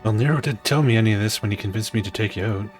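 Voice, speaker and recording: A man's voice: on the low side, very fast. Sarcastic male game streamer. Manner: sarcastic, joking. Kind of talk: let's play commentary. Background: game music.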